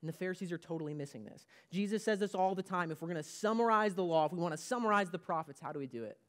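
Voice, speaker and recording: A man's voice: high voice, rapid-fire, fairly bright tone. A man preaching a sermon as pastor of a church, emphatic and repeating his key points.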